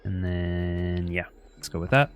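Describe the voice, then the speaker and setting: Low-voiced man casually streaming a game. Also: level tone, measured pace, slight background noise. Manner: easygoing, thinks aloud and greets chat. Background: faint music.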